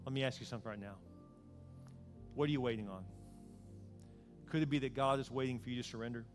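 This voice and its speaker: A man's voice: medium pitch, quick pace, long pauses, soft background music. A male pastor preaching a sermon, urgent and pleading as he makes an altar call.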